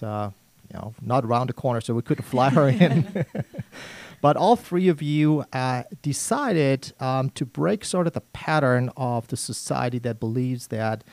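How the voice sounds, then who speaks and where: A man's voice: medium pitch, a little mellow, no echo. A man with a German accent hosting a radio talk show in a studio, chatting with guests in a friendly, upbeat way. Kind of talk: casual radio chat.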